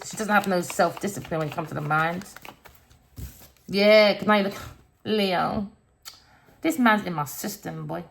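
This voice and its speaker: A woman's voice: on the low side, vocal fry, fairly bright tone. A woman giving a casual spiritual rant as a tarot reader, heated and emphatic, swearing freely and tagging her lines with slang. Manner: slangy, tags lines with innit and boy.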